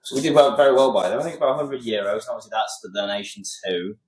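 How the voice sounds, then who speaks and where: A man's voice: lowish voice, rapid-fire, a little mellow. A man co-hosting a podcast, chatting casually and chiming in often. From England. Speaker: podcast co-host. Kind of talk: casual chat. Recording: echoey room.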